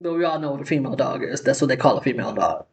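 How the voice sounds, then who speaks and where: A woman's voice: a bass voice, animated, racing. A woman talks through her own vlog in an easy, conversational way, as if speaking to a friend. She keeps asking rhetorical questions and leans on "like" and "you know" between thoughts. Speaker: vlog host. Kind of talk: casual commentary chat.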